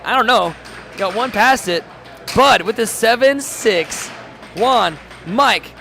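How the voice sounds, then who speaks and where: A high-pitched, gravelly man does live-stream sports commentary from a home studio, rapidly calling plays in a sharp tone. He reads the chat aloud and cracks jokes. There is a little hiss or hum.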